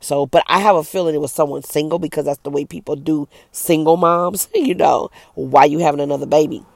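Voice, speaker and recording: A woman's voice: sits low, a little fast, vocal fry, a little mellow, no echo. A middle-aged woman who is an evangelist, giving an earnest, emphatic personal testimony straight to camera.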